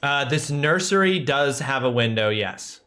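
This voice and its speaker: A man's voice: mid-range voice, animated, a little slow, bright, forceful tone. Man running a casual tabletop game. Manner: casual, rambling, many fillers. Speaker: game master.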